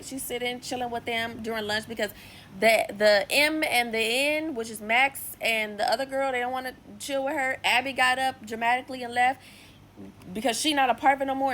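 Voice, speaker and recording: A young woman casually recapping a TV episode, chatty and full of "like" and lively asides. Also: a little high, a little hiss or hum, poor audio. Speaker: TV series reviewer. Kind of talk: casual episode review vlog.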